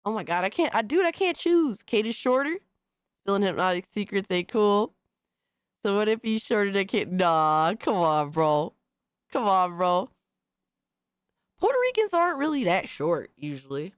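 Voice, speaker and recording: An excitable woman hosts a casual livestream, swearing freely and talking in street slang. Her pitch leaps up and down constantly. The sound is close and dry, with no room echo. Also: normal speed, clean tone. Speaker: livestream host.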